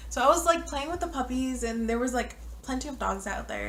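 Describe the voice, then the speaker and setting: A young woman from the United States telling a story to the camera in a chatty way, heavy on fillers, now and then dropping into hushed asides. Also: sits high, lively intonation, fast talker, creaky, a little hiss or hum. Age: young adult. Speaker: vlogger. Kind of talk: casual storytime.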